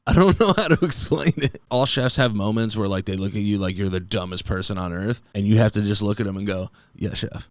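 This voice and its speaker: A man's voice: low-pitched, no echo. A man in his thirties hosting a comedy podcast, rambling goofily and tossing in "dude" often. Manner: goofy, rambling, says "dude" a lot. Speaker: podcast host. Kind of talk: comedic solo podcast monologue.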